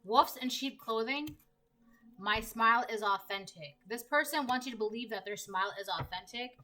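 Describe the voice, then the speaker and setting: A woman's voice: on the high side, moderate pace, sharp tone, rough recording. A woman giving a casual collective tarot reading, talking conversationally and repeating her phrases as she reads the cards aloud. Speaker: tarot reader.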